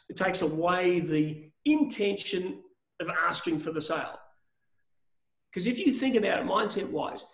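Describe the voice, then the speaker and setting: A male business coach teaches a seminar energetically, his voice pitched quite high for a man. He keeps acting out snippets of phone calls and restarting sentences, and the room echoes around him.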